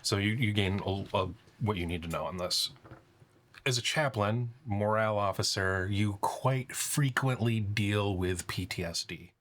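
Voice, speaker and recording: A man's voice: on the low side, measured pace, a bit bright. Guy gm-ing a tabletop game, laid back, explaining rolls. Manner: explains rolls and rulings casually. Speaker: game master.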